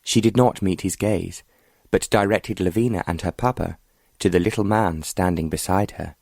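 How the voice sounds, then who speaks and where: A man narrating an audiobook in a steady, even storytelling manner. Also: low-pitched, moderate pace, vocal fry, dry recording, clean studio sound. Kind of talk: scripted narration.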